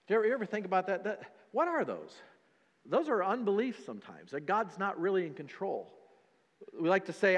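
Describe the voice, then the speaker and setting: A man's voice: high voice, very animated, a little fast, long reverb tail. A man, a pastor, preaching a dynamic sermon and calling out to his congregation as church.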